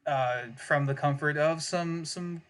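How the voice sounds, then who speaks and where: A man's voice: fairly high pitch, slow pace, fairly bright tone. Rambling, laughing man co-host. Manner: rambling, laughs often, repeats words. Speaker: podcast co-host. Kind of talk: casual worldbuilding chat.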